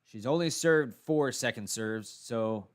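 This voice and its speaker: A man with a Texan accent calls a tennis match shot by shot in a calm, even-tempered way. His voice sits in an ordinary middle pitch, and he adds brief asides between points as he works through a solo live watchalong. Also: slow pace. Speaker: tennis commentator.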